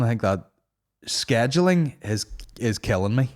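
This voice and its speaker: A man hosting a podcast, swearing through animated, casual banter. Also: medium pitch, brisk. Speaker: podcast host. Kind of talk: casual chat.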